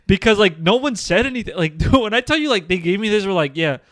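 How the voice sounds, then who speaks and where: Young male podcast co-host, slangy laughing storyteller, slightly high voice, dry close sound. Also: lively intonation, fast, a bit bright, no echo. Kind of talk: casual chat.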